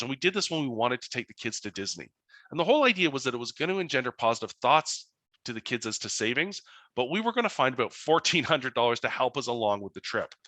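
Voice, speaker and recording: Guy teaching money stuff on a webinar, bright lively voice, dry close sound. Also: fairly high pitch, dry recording. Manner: animated anecdotal storytelling. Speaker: financial educator. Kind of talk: storytelling webinar presentation.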